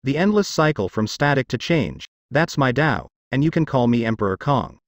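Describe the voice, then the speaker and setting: A man's voice: medium pitch, very animated, moderate pace, no echo, studio quality, lightly acted. A man voicing an ancient emperor who proclaims his philosophy to the world, in a web novel audiobook. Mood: proclaiming. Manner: proclaiming, solemn.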